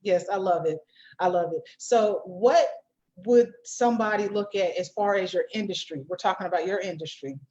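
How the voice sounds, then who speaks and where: A woman's voice: mid-range voice, moderate pace, darkish tone, a little hiss or hum. A woman hosting a casual interview, enthusiastic and affirming, with lots of agreement. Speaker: host. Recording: dull lo-fi audio.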